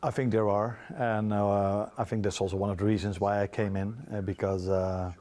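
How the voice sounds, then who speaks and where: A Dutch-accented man answers interview questions in a low, fairly flat voice. He speaks carefully and hesitates often. His English is second-language but steady. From Netherlands. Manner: measured, hesitant with many uhs. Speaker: football manager. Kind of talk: media interview.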